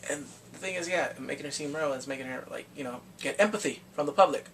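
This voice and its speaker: A man recapping a TV drama in a casual vlog, chatty and excitable, acting out the scenes. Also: on the high side, fast talker, far from the mic, slight background noise, rough recording. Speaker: drama reviewer.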